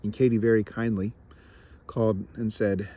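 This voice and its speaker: A young man with a lowish voice talks straight to the camera in a reflective personal vlog. He is candid and self-deprecating, and he often stops, restarts and repeats his words as he works through his thoughts. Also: little pitch movement, normal speed, mellow. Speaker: vlogger.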